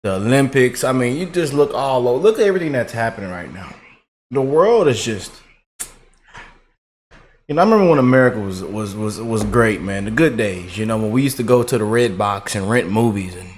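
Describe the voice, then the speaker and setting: A man's voice: medium pitch, expressive, brisk, slight background noise. Laid-back man rambling to viewers. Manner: laid-back, drawling, repeats "man" and "y'all". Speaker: political commentary vlogger. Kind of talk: casual rambling commentary to viewers.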